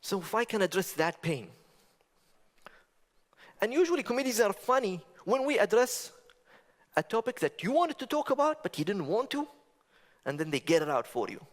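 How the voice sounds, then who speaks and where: A man giving a stage talk with stand-up humor, talking conversationally, asking the audience rhetorical questions and making animated asides. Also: high voice, moderate pace, pauses often. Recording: long reverb of a large hall.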